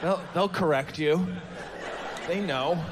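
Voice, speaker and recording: Deadpan self-deprecating stand-up comic. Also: male voice, fairly high pitch, takes it slowly, crowd noise. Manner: deadpan, self-deprecating, slips into mock quotes. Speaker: stand-up comedian. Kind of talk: stand-up comedy set. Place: comedy club stage. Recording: club stage with long reverb, faint noise.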